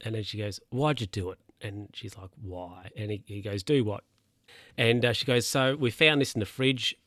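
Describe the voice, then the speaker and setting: A man's voice: lowish voice, moderate pace, fairly bright tone, no room sound, studio quality. Rambling guy recapping a film. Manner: rambling, chuckles at own story, loses his place and checks notes.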